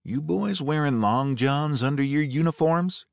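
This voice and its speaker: A man's voice: on the high side, a little slow, gravelly, dry recording, voice pushed up. A man voicing a blunt Confederate colonel who barks orders at his raiders with a dry drawl. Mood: commanding.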